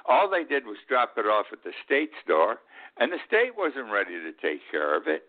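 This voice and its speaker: A man's voice: mid-range voice, huge pitch swings, normal speed. A man in his eighties hosting a political commentary show, blunt and indignant, often repeating himself. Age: 80s. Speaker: host. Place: Key West. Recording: tinny phone-like line.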